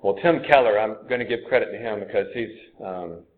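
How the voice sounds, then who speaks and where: A pastor, a man with a fairly low voice, preaches in an earnest, conversational way, working through his points out loud. The sound is thin and tinny, like it came over a phone line. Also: brisk. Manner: conversational, earnest, thinks aloud. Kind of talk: sermon.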